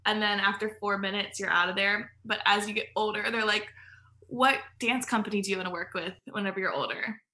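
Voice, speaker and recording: Bright, chatty woman telling stories. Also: medium pitch, steady tone, a little fast. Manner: chatty, filler-heavy storytelling with frequent laughs. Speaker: podcast guest. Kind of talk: casual podcast chat.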